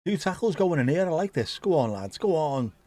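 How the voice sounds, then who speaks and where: A man with a British accent hosting a football watchalong, making jokes and bursting into excitement at the goals. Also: on the high side, a little fast, dry recording. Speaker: watchalong host. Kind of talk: casual live match commentary.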